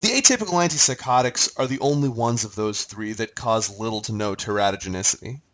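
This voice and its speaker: A man's voice: on the low side, a little fast, a bit bright, rough recording. A man giving a recorded pharmacology lecture in a conversational way, quizzing his listeners as he goes.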